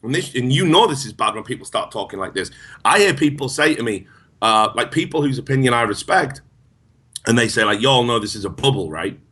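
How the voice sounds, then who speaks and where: A man with an average-pitched voice co-hosting a talk show. He rants heatedly and swears constantly, in a casual, profane banter style. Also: animated, a little fast, sharp tone, breathy edge. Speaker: podcast co-host.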